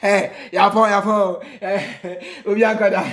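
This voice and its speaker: A Ghanaian man with a fairly high voice gives heated reaction commentary. He hammers his points home by repeating lines, drifting now and then into a sing-song chant. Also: takes it slowly, a bit bright, slight background noise. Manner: emphatic, mixing in snatches of singing and laughter, repeating lines for effect. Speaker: reaction video host.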